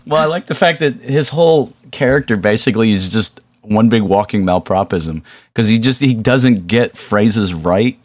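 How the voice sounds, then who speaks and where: A podcast host talking loosely about a film, rambling and laughing as he goes. His voice sits low and is recorded close and dry. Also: expressive, normal speed, few pauses, no echo. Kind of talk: casual movie discussion.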